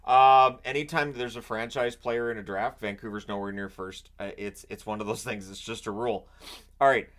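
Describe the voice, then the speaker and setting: A man's voice: fairly low pitch, fairly even intonation, moderate pace, fairly bright tone. A man hosting his own channel, talking through picks in a loose, rambling way with joking asides. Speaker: hockey channel host. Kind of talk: casual solo commentary. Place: home, washer running nearby.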